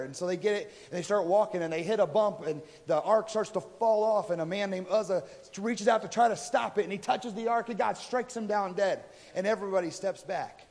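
A man's voice: sits high, brisk, hardly any pauses, a little mellow. A man preaching a sermon, retelling a story in a casual, conversational way and voicing the people in it. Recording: reverberant hall.

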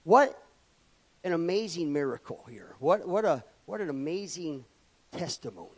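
A man preaching a sermon, reading scripture aloud and pressing his points with loud emphatic rises and sudden quiet drops. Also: on the high side, sing-song, moderate pace, slightly rough.

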